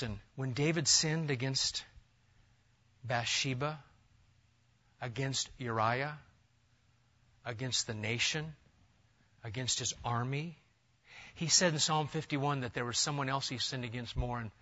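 Male preacher, bright forceful tone, big dynamic swings from shouts to hushes, lo-fi church recording. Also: medium pitch, a little slow, pauses often. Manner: dramatic, swinging from loud emphatic bursts to hushed near-whispers. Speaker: pastor. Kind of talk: sermon.

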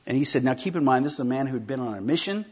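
Firing off rhetorical questions to the congregation, this pastor gives a sermon in a chatty style. He talks very fast in an expressive, husky mid-range voice, and the recording's high frequencies are cut off.

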